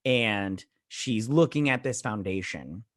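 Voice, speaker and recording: A man's voice: fairly low pitch, expressive, takes it slowly, no echo. Guy rambling through an episode recap, lots of uhs, dry close sound. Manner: rambling, filler-heavy retelling with many "uh" and "all like". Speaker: show host.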